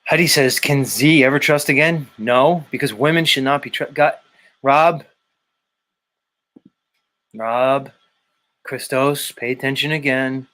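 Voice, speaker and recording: A man's voice: mid-range voice, slow, long pauses, bright, forceful tone. Male stream host, casual and emphatic, hammering points with repetition. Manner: blunt, repetitive, emphatic lecturing. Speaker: show host. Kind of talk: casual live-stream chat reading viewer comments.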